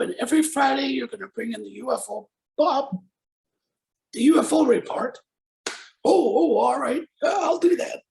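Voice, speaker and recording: An older man with a gravelly, creaky voice spins old radio-days stories. He talks casually and slips into the voices of the people in his anecdotes as he goes. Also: very high voice, poor audio. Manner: lively storyteller acting out voices in his anecdotes. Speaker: former radio personality, guest.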